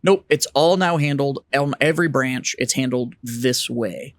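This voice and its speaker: A man's voice: medium pitch, unhurried, no room sound. A man co-hosting a podcast, a veteran who is not a Marine, joking and swearing emphatically in casual banter.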